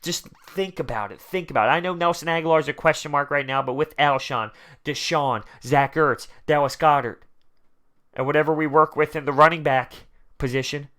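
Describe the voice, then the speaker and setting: A man giving excited, emphatic fan commentary on his own sports channel, often repeating lines for effect. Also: on the high side, a little fast. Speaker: sports vlogger.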